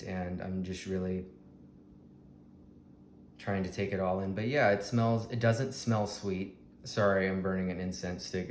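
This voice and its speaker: A man with a Texan accent, vlogging a fruit tasting at home in a slow, dreamy, gushing way with many ums. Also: low voice, a little mellow. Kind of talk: casual food tasting vlog. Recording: echoey room with faint ambient hiss.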